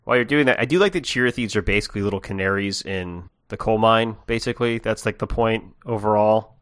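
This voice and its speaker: A man co-hosting a podcast, chatting casually and asking relaxed, curious questions. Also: lowish voice, fast talker, no echo, clean studio sound. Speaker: podcast co-host.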